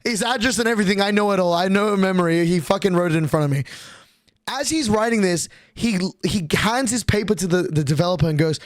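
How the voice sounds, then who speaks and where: High-voiced young man telling a story. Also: fast talker, no echo. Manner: rambling, profane, acts out quotes. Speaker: streamer. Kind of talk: casual storytelling.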